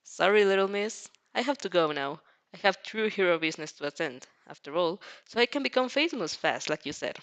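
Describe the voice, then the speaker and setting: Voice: mid-range voice, expressive, a little fast, fairly bright tone. A fanfic reader voicing a cocky young male winged hero who banters and laughs while teasing a child. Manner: playful, bantering, laughing through lines. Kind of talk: fanfic read aloud.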